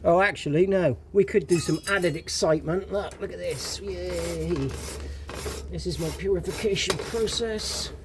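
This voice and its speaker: A man's voice: high voice, moderate pace, hardly any pauses, background noise. A man with a West Country accent talking casually to camera while cooking over a fire outdoors, rambling with wry asides and muttered remarks to himself. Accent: West Country English. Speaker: vlogger.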